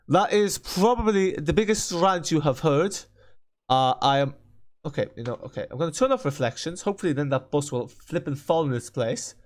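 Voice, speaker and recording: Exasperated man ranting, slightly high. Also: animated, moderate pace. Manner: exasperated, stammering, repeats himself. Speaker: game channel host. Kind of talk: ranting gameplay commentary.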